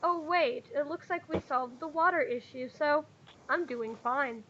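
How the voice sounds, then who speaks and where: A woman voicing a gruff, short-tempered male commander in a tabletop game, curt and growling. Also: high voice, unhurried, a bit bright, muffled recording, slight background noise. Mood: irritated.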